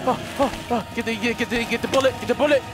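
A man doing loud, goofy, excitable commentary as he plays a game, often laughing. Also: very high voice, very fast, loud music behind the voice. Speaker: let's play host. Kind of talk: gaming commentary.

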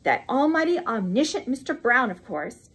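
A woman's voice: a little high, sing-song, normal speed, fairly bright tone, slightly rough, full character voice, low-quality recording. Woman reading a brash young American man. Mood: emphatic. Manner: emphatic, blunt, dismissive.

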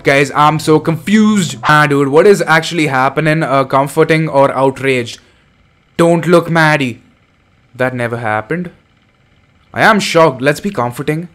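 A young man hosting a horror game playthrough, reacting loudly and excitably, with frequent swearing. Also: fairly high pitch, a little slow. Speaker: gaming channel host. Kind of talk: let's play commentary.

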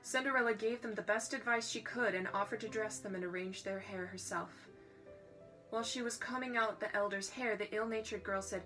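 A woman reads a storybook aloud in a relaxed, casual way, at a medium pitch. Faint music plays behind her as she drops quick, joking asides between passages. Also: low-quality recording.

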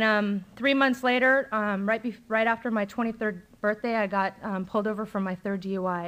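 At a recovery meeting, a middle-aged woman with a medium-pitched, slightly bright voice tells her personal story. She speaks candidly and conversationally, with lots of ums and likes, in a live talk recording from a meeting room.

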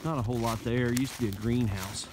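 A man's voice: medium pitch, steady tone, fast talker, background noise. A man with an Indiana accent talking casually to his phone camera outdoors in the winter woods. He rambles in an easygoing, folksy way and is a little out of breath from hiking uphill. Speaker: bushcraft vlogger. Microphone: phone held in hand.

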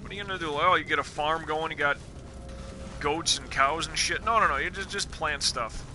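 This time the gamer's voice is a little high, fairly quick and sharp-toned, with a slight hiss or hum on the recording. He streams live with game music behind him, chatting loosely, cracking jokes, swearing and thinking out loud in casual let's play style.

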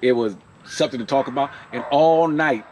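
A man, excitedly telling a camping story outdoors in a casual vlog. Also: medium pitch, fairly quick, a little hiss or hum. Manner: excited, animated retelling with frequent laughs. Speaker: vlogger. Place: outdoor campsite.

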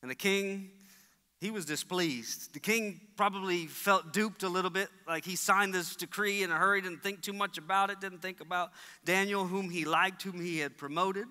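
A man's voice: moderate pace, sharp tone, smooth. A man preaching a sermon as pastor, telling stories and acting out the voices in them. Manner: storytelling, acts out voices with big pitch jumps. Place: church sanctuary. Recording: long church hall reverb.

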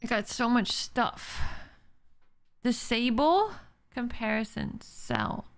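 Young woman, gaming streamer, high voice, vocal fry, emotional reactions, thinks aloud. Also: big pitch swings, takes it slowly. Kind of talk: live gameplay commentary.

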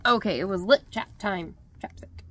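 A woman's voice: medium pitch, moderate pace. A woman in a storytime vlog, chatty and exasperated, with lots of "like" and "um". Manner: many fillers like "like" and "um". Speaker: crafting vlogger.

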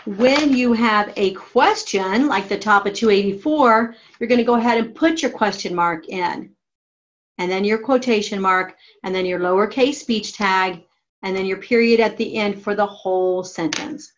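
A woman teaching a writing class, giving slow, methodical step-by-step instructions on punctuation. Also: medium pitch, lo-fi sound. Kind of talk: classroom grammar lesson.

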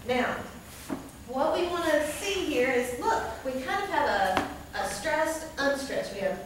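A woman's voice: high-pitched, lively intonation, a little slow. A woman teacher lecturing a class, often checking in with "okay?". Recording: echoey classroom from far off, noisy.

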